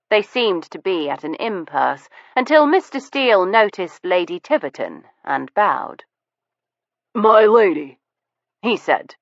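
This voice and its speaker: A woman narrating an audiobook in an unhurried, even manner, in a dull, lo-fi recording. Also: on the low side, no echo. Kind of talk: scripted narration.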